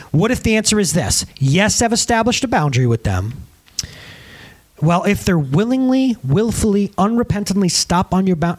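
A man preaching a sermon as pastor and counselor, talking animatedly to the congregation and acting out the conversations he quotes. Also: high voice. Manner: animated, addresses the congregation as "guys".

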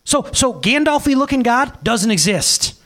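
A man preaching a sermon, telling a jokey family story with quick asides and laughs. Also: very high voice, expressive, sharp tone. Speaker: pastor.

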